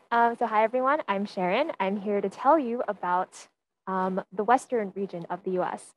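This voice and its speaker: A woman's voice: mid-range voice, rough recording. A young woman presenting to a class as a teaching fellow, friendly, with a few fillers.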